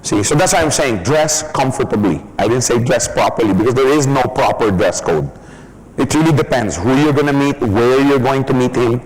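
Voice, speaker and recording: A man's voice: medium pitch, moderate pace, a little mellow, a little hiss or hum, poor audio. A man giving a business training seminar in a chatty manner, often laughing and acting out examples.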